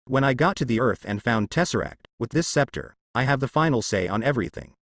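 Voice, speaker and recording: A man's voice: mid-range voice, animated, brisk, dry recording, studio quality. A man voicing a scheming male trickster god in a storybook reading, gloating.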